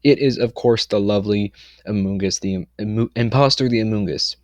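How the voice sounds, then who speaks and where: A young man casually explaining his competitive team for a video, confident and rambling, with lots of "um"s and quick self-corrections. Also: fairly low pitch, no room sound, dull audio.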